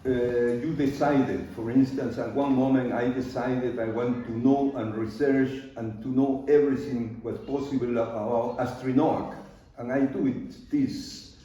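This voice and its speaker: Heard from far away in a very echoey, dull-sounding art studio, an older Peruvian artist addresses an audience in a mellow, low-brightness voice with a Spanish accent and fairly even intonation. His delivery is unhurried, full of pauses and fillers, with loose grammar.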